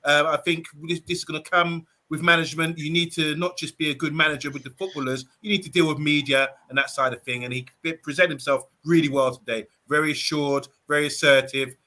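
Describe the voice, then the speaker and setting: A man's voice: a little high, fairly even intonation, quick pace, hardly any pauses, bright, forceful tone. A man hosting a casual fan panel chat, chatty and promotional with fillers. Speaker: show host.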